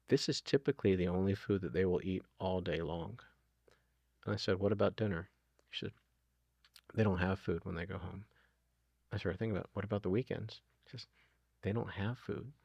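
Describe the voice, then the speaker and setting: A man's voice: low-pitched, normal speed, creaky, long pauses, darkish tone, no echo. A middle-aged man talking earnestly as an interview guest, retelling conversations with plenty of ums and you-knows. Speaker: guest, food nonprofit founder.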